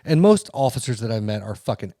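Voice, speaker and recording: Fast-ranting swearing man. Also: mid-range voice, sing-song, warm tone, dry recording, studio quality. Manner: heated, swears constantly, acts out quotes. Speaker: podcast co-host. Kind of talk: casual profane podcast rant.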